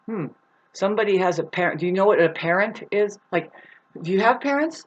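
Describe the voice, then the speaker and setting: A woman talking straight to camera in a rambling, profane monologue, restless and jumping between thoughts with sudden loud outbursts. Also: mid-range voice, very animated, fairly quick. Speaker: vlogger. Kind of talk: rambling stream-of-consciousness monologue.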